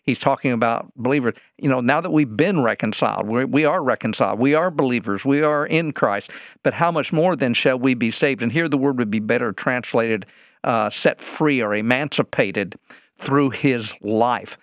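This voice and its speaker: Man, bible teacher, interview explanation, rhetorical questions, mid pitch, dry close sound. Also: moderate pace, no echo. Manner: teacherly, poses rhetorical questions and answers them.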